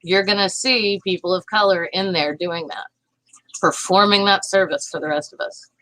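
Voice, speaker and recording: A woman with a Southern accent hosting a livestream, ranting fast about politics and reading out viewer comments. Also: fairly low pitch, fairly even intonation, a bit bright, dry recording, poor audio. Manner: fast, heated, talks to chat viewers. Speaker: livestream host reading chat. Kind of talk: casual political livestream chat.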